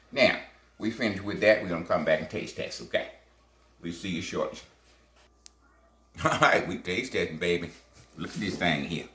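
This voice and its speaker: In a casual cooking vlog, this home baking host marvels at his cake and calls his audience baby and sweetheart, speaking in a deep, slightly bright voice. Faint music sits behind him in an echoey room.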